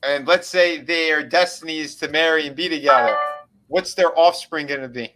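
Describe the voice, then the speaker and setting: A man's voice: fairly high pitch, normal speed, over music. A man in a casual panel chat, asking long, jokey questions.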